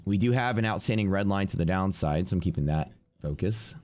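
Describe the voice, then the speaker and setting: Young adult male streamer, deep voice, sniffly with a cold, casual thinking-aloud commentary. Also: lively intonation, fairly quick, darkish tone. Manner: offhand, thinking aloud while reading out numbers. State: congested with sniffles. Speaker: live-stream day trader.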